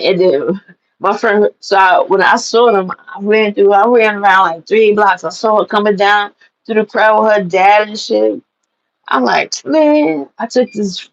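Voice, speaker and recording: A woman telling animated, profane personal stories to the camera and laughing at them. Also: mid-range voice, vocal fry, lo-fi sound. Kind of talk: casual storytelling to camera.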